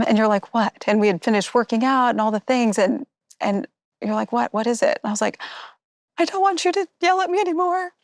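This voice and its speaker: A woman's voice: medium pitch, gravelly, no echo, studio quality. A middle-aged woman telling stories in a candid interview, acting out the quotes as she goes. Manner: animated storytelling, acts out quotes. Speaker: former contestant.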